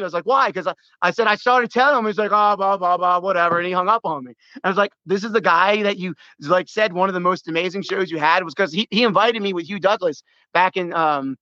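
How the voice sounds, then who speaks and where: A middle-aged man from the United States calls in to a sports talk show and tells a rambling, animated story with lots of restarts. His voice sits high and sounds bright and pressing. The line is dry and a little muffled. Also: fast talker, few pauses, no echo. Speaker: caller.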